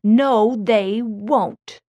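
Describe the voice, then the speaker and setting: A gruff, bossy teenage bully boy, as a woman reads him out who snaps his words bluntly and loudly. Storybook telling, recorded close and dry with no room sound. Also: medium pitch, measured pace, no room sound, natural voice. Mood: angry. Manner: snapping, loud and blunt. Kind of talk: storybook reading.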